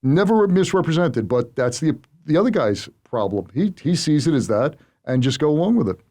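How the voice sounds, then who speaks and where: A middle-aged man hosting a podcast interview, telling stories in an animated, emphatic way with his voice rising on key points. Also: on the high side, a little fast. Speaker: podcast host. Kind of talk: casual interview conversation.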